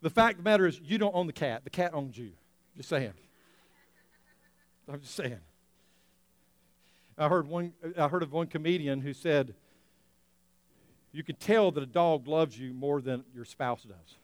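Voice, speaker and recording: A male pastor preaching a lively sermon, laughing often and acting out scenes for the congregation. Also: fairly high pitch, unhurried, long pauses, dry recording. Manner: animated, laughing often, acting out an excited dog.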